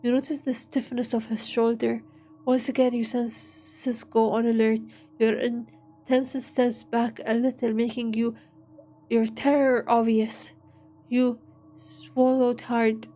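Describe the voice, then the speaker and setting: Woman, streamer, story read-aloud, halting, self-mocking asides, higher pitch. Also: flat delivery, warm tone. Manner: halting reading with joking asides. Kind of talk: reading an interactive story aloud.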